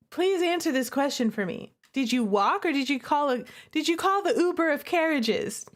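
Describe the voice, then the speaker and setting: A woman streamer chats with her viewers over a game, playful and quick to laugh. Her voice sits high and swoops widely, though she takes her time. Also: expressive. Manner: playful, laughing often, talking to chat. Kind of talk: live-stream game commentary.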